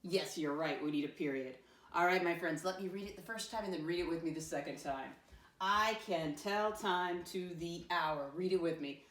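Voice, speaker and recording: A woman with a deep voice talks fast while teaching a first-grade lesson, patient and encouraging, calling the children her friends and spelling words out letter by letter. She sounds distant in an echoey room.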